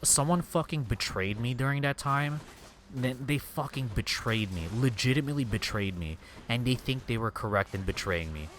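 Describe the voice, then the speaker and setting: A man's voice: mid-range voice, a bit bright. Young male streamer, casual gaming rant, profane and heated, faint background hum. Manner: angry, profane venting.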